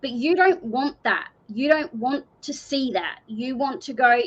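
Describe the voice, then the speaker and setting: A woman's voice: high-pitched, animated, measured pace. An Australian woman giving a live intuitive card reading in an earnest, repetitive, pleading manner. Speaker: card reader. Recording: dull lo-fi stream audio.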